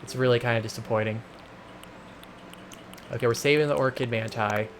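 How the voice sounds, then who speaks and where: A man's voice: mid-range voice, steady tone, brisk, slight background noise. A man hosting a game playthrough, talking casually with lots of filler words and slipping into exasperated rants. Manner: rambling, full of filler words; exasperated ranting. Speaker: let's play host. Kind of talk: casual gameplay commentary.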